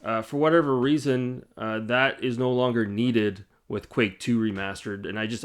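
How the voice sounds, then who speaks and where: A man's voice: medium pitch, fairly bright tone. A man hosting his own gaming channel, talking on camera in a casual, rambling, blunt way, swearing and laughing at himself. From Canada. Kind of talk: casual vlog chat. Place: indoors, side-lit room.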